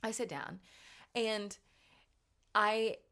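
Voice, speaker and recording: A woman hosting a podcast, telling a story in a casual, animated, self-mocking way, with her voice jumping up for punchlines. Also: medium pitch, extremely slow. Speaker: podcast host.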